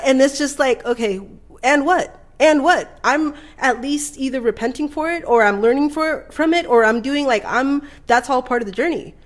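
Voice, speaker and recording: A woman co-hosting a podcast, talking in a loose, profane, animated way and laughing often. Her voice sits a little higher than most. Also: normal speed. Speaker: podcast co-host. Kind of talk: casual podcast chat.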